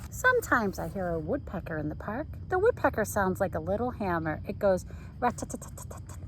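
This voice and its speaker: Lively woman reading a picture book. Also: mid-range voice, a little fast, slight background noise, poor audio. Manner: playfully mimics sound effects. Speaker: teacher.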